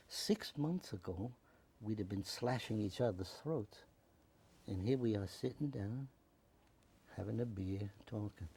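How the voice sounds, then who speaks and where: A man's voice: fairly low pitch, gravelly, breathy edge. An older man from the United States with a New York accent, recounting memories in an oral history interview and acting out other people's words. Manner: animated, acts out voices in quotes. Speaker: veteran interviewee.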